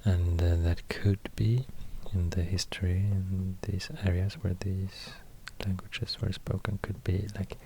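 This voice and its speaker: A man with a Swedish accent rambling quietly in soft-spoken ASMR, half-whispering and pausing often. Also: sits low, little pitch movement, a little hiss or hum. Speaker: ASMR creator.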